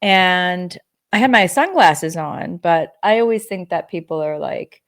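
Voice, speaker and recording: A woman hosting a casual podcast chat, telling lively stories and swearing freely. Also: lowish voice, measured pace. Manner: animated storyteller, swearing freely. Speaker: podcast host.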